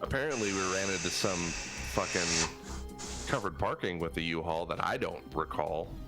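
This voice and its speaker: A man co-hosting a podcast, telling a story in casual chat, animated and laughing often, with frequent swearing. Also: sits low, moderate pace, loud music behind the voice. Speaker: co-host.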